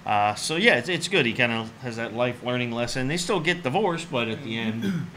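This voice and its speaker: A man's voice: medium pitch, animated, moderate pace, pushed and bright, slight background noise. An easygoing man co-hosting a movie podcast, animatedly retelling scenes from films. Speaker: podcast co-host. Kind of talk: casual chat about movies.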